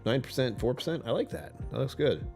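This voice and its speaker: A man's voice: medium pitch, animated, fairly quick, a little mellow, soft background music. A man chatting casually on a live stream, rambling and joking with viewers.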